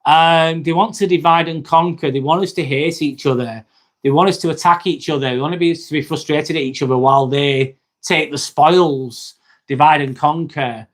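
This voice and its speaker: A slightly high-pitched man with an East Lancashire accent talks at a moderate pace with fairly even intonation. Hosting a live chat from Northwest England, he reads viewer comments in a chummy, laid-back way, calling everyone mate and swearing freely.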